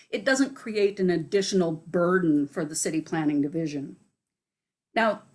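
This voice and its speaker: A woman from city staff giving a prepared presentation, steady and read from notes. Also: fairly low pitch. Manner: steady, reads from prepared remarks.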